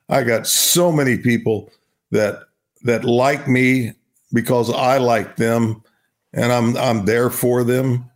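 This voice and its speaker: An older man with a gravelly, creaky edge to his voice, speaking at an average pitch. He rambles through stories in a relaxed interview, restarting and repeating phrases. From Oklahoma. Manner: storytelling, repeats himself, warm laughs. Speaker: guest, retired baseball player.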